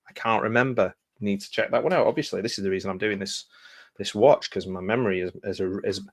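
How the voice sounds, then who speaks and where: A man chatting casually about films, reading blurbs aloud and breaking off into rambling, self-interrupting asides. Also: fairly low pitch. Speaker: film vlogger.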